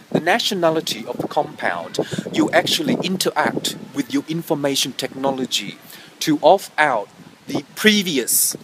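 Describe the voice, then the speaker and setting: A high-voiced male vlogger stands outdoors in the wind, rambling through made-up technical jargon to camera. He frequently corrects himself and meows between phrases, all under heavy background noise.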